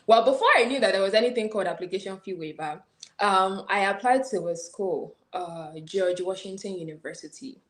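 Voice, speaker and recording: A woman from Nigeria talks as an interview guest, her Nigerian accent softened by American tones. She tells her story animatedly, with plenty of fillers, at a middle pitch. The sound is roomy and echoey. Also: brisk. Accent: Nigerian with American influence. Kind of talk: casual interview.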